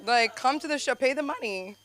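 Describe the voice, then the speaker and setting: A young woman doing an open mic stand-up set, rambling and chatty with lots of fillers, sometimes jumping into high excited bursts. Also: a little fast. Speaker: stand-up comedian. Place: comedy club stage.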